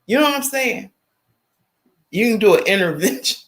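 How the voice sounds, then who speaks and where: A woman in her fifties hosting a casual livestream, talking straight to her viewers in an animated, emphatic storytelling way. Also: mid-range voice, normal speed. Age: 50s. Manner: animated, emphatic, storytelling, addresses chat directly. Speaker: livestream host.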